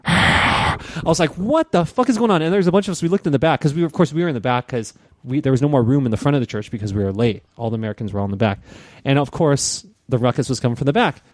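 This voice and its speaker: A man in mid pitch tells a rowdy story on a podcast, swearing freely and jumping into put-on voices for the people in it. His voice sounds dry and close to the mic. He keeps talking, with no polish and plenty of restarts. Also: fast talker, dry recording. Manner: lively, profane, animated storyteller who acts out voices. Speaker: podcast co-host. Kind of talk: casual storytelling chat.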